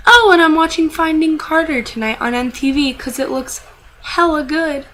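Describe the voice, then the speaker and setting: A woman's voice: high voice, measured pace, long pauses, a bit bright, slight background noise, rough recording. A young woman vlogging casually, rambling and venting with frequent swearing and self-deprecating asides.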